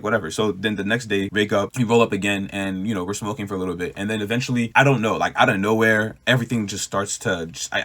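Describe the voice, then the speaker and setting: Fast-talking young man telling his story. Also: fairly low pitch, a bit bright. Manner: rambling, fast, filler-heavy; earnest, shaken retelling. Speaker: testimony speaker. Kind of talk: personal testimony, casual storytelling.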